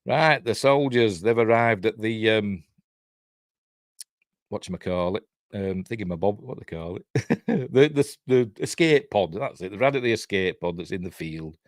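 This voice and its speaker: A man's voice: fairly low pitch, animated, normal speed, dry recording, clean studio sound. An older man with a Yorkshire accent giving a casual, rambling watch-along review, chuckling often. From Yorkshire, England. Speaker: reviewer and channel host.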